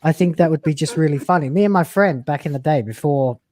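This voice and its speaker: A man's voice: fairly high pitch, fast talker, darkish tone, no room sound. Dry-voiced British man, laid-back. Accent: British English. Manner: laid-back, sarcastic, jokey. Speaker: podcast co-host. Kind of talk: casual live-stream chat.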